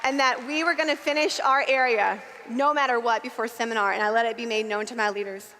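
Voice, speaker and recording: A woman in her thirties delivers a motivational keynote from a stage. Her voice sits high, and she moves from emphatic shouting to hushed, intimate asides. The sound carries a long reverb from a large hall. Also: steady tone, brisk, a little hiss or hum. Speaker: sales director giving a keynote speech.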